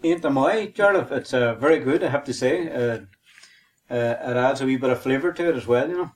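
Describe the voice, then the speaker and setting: A man's voice: medium pitch, a little fast. A man with a Northern Irish accent co-hosting a podcast, teaching a language lesson methodically and spelling and repeating words.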